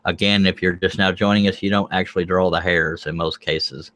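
Low-voiced guy drawing live, folksy, chatty, jokes around. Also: steady tone, brisk, fairly bright tone. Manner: folksy, joking, thinks aloud while drawing. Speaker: scroll saw pattern artist, livestream host. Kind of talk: live drawing tutorial with banter.

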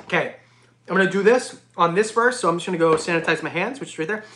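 A man hosting a casual reptile livestream, jokey and excitable, often breaking into laughs. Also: high-pitched, fast talker, slight background noise. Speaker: reptile channel host. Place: home reptile room. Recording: echoey room.

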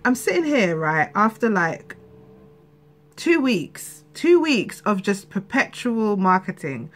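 A woman talks straight to camera in a candid, rambling vlog. Her pitch sits in the middle of the range. She sounds worn down and frustrated, often breaking off and restarting her sentences. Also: fairly bright tone. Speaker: vlogger.

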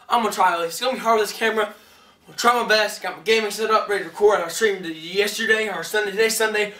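A young man giving a rambling, excitable vlog update, heard through a camera mic a little way off. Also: sits high, fast, recorded from a distance. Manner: rambling, excitable, self-correcting. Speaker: vlogger.

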